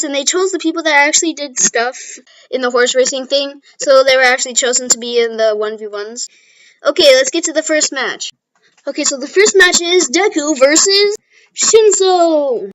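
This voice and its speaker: A woman's voice: sits high, moderate pace. A woman casually retelling a fan story, chatty and self-deprecating.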